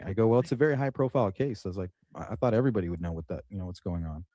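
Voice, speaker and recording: A man recounts a story in casual conversation, voicing each person he talks about. His tone is mellow and dark, with a dry, close sound. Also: fairly low pitch, rapid-fire, few pauses, dry recording. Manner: animated retelling, acts out dialogue.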